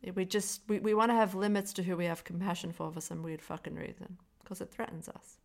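A woman co-hosting a casual film podcast, animated and swearing freely, with frequent restarts. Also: on the low side, brisk, creaky. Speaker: podcast co-host.

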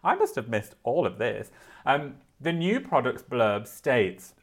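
A man's voice: mid-range voice, sing-song, unhurried. A young man co-hosting a podcast, reading news stories aloud in a casual chat with playful, wry asides. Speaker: podcast co-host.

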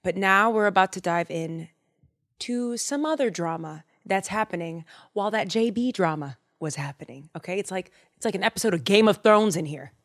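A young woman hosting a casual Bible storytelling chat in a chatty, slangy, animated way. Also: medium pitch, moderate pace. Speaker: podcast host.

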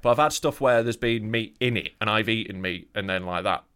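A man co-hosting a comedy podcast, telling stories in a quick-tempered, swearing way. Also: lowish voice, fairly bright tone, clean tone. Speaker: podcast co-host. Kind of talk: casual comedy chat.

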